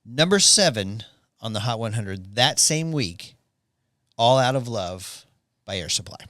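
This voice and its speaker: A man's voice: mid-range voice, unhurried. A man with a mid-range voice co-hosts a casual podcast, easygoing as he trades trivia and jokes. The sound is dry, with no room echo. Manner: relaxed, shares trivia and jokes. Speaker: podcast co-host.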